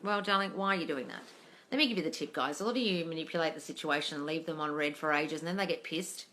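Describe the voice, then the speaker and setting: A woman's voice: deep voice, fast talker, fairly bright tone. A woman coach reading viewer questions aloud on a casual live stream, blunt and full of swearing, calling everyone darling.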